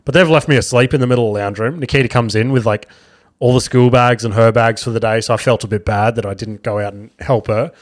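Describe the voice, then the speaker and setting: A man in his thirties hosts his own podcast and rambles through family anecdotes in a loose, self-mocking way. He swears freely and his voice sits at an ordinary pitch for a man. It is a close podcast-mic recording. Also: steady tone, quick pace. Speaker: podcast host. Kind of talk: casual comedic storytelling.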